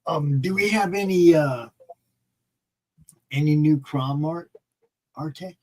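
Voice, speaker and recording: Brief: high, husky male co-host, casual animated joke-teller. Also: slow pace, rough recording. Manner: animated storyteller, voices quoted characters. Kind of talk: casual joke-telling chat.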